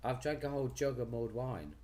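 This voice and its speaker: A cheerful live stream host keeps up a loose, rambling patter even as his voice gives out. His medium-pitched voice is animated and fairly quick, with crowd noise in the background.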